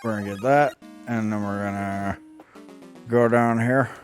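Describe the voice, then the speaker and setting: Excitable Southern man gaming. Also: fairly low pitch, measured pace, soft background music. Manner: excitable, swears and laughs often at his mistakes. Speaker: podcast co-host playing a video game. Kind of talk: casual gameplay chat.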